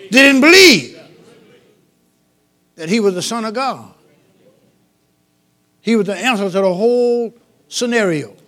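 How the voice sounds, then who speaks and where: A man preaching a lively call-and-response sermon to a congregation, shouting some lines and dropping others to a low murmur. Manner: sings out phrases, shouts and drops to low murmurs, laughs with the congregation. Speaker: pastor.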